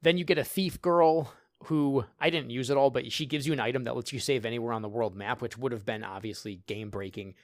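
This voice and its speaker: A man's voice: medium pitch, a little fast, no echo, studio quality. A man co-hosting a casual podcast, telling stories animatedly, acting out lines of dialogue and laughing often. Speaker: podcast co-host. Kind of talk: casual chat.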